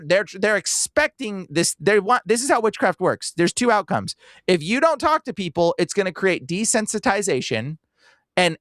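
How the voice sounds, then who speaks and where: Podcast host, male, high and very animated, casual rants, dry close mic. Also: no room sound. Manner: animated, impersonates people he talks to.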